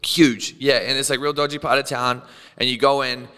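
Australian male guest, bright and crisp, profane and animated storyteller, reverby room. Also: mid-range voice, normal speed. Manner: animated, profane, laughs often, acts out quotes. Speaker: podcast guest. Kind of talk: casual storytelling.

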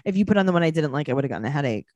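A woman's voice: sits low, rapid-fire, no echo, muffled recording. A woman co-hosting a podcast, chatting casually and sarcastically as she recaps a TV show. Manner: animated, sarcastic, mimics people in quotes. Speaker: podcast co-host.

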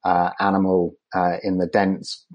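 A man's voice: low voice, completely flat delivery, unhurried, a little mellow. A man answering interview questions as a conservation scientist, speaking with frequent ums and restarts. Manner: hesitant, many ums and restarts.

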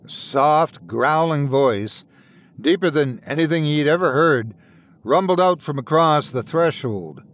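A man narrating a scripted horror story with a dramatic, expressive delivery. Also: a little high, unhurried.

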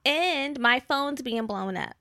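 Animated storytelling woman co-host. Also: sits high, slow pace, no echo, clean studio sound. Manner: animated storytelling, swears freely. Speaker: podcast co-host. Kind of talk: casual podcast chat.

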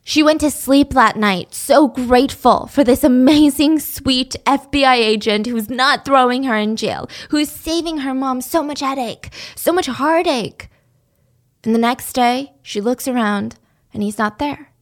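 Lady narrating a story, casual and animated, kinda high voice. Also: unhurried. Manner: animated, chatty, dramatic asides.

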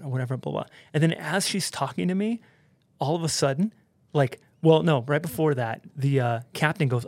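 Man, podcast guest, casual storyteller, animated, swears a lot, fairly high voice, dry close mic. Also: normal speed, no room sound. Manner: animated, swearing, heavy use of "like" and "dude". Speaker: podcast guest, pro snowboarder.

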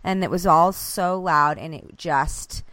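A woman in her thirties co-hosting a casual chat with friends, an animated storyteller who swears freely. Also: on the low side, slow, no echo. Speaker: podcast co-host.

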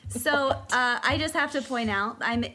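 Higher-voiced woman co-host in a hotel room. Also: moderate pace, sharp tone. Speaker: podcast co-host. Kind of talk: casual chat.

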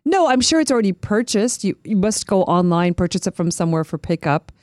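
A woman's voice: mid-range voice, big pitch swings, brisk, darkish tone, no room sound. A woman with a Canadian accent, a radio producer bantering casually with the host in the studio. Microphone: studio microphone.

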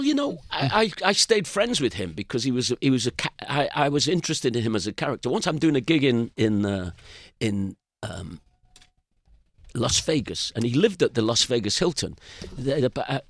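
A man's voice: mid-range voice, dry recording, studio quality. An older English man telling loose, rambling anecdotes as a podcast guest. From England. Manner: rambling anecdotal storyteller, frequent restarts. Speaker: guest musician. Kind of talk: casual storytelling interview.

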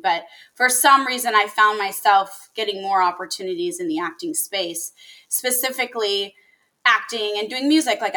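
Bright-voiced woman, animated guest. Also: mid-range voice, poor audio. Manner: animated, many likes and restarts. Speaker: guest, actress and musician. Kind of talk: casual podcast chat.

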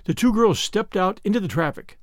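A male audiobook narrator with a high, animated voice tells the story expressively. The read is close and dry, with no room sound around it. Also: fairly quick, dry recording. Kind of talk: scripted narration.

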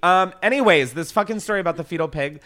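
A man's voice: high-pitched, fast, fairly bright tone. A young man hosting a podcast, telling a story with a lot of swearing and frequent laughs into a desk microphone in a studio. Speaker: podcast host. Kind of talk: casual podcast chat, storytelling.

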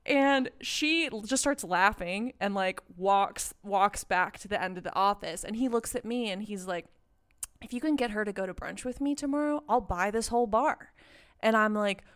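A young woman telling a story in casual chat, animated and swearing, with lots of "like". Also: mid-range voice, moderate pace, smooth. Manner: animated, swearing, heavy use of "like". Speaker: podcast co-host.

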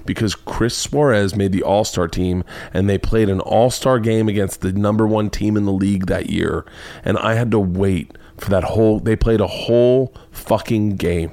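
Man telling a rowdy comic story. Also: creaky. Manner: animated, swearing, jumps into high excited pitch for punchlines. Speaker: comedian and podcast host.

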